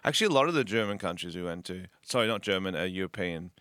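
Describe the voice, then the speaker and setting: A man's voice: low-pitched, expressive, fast talker, fairly bright tone, no echo. A man with an Australian accent, co-hosting a podcast as casual chat, laughing often and swearing freely. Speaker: podcast co-host.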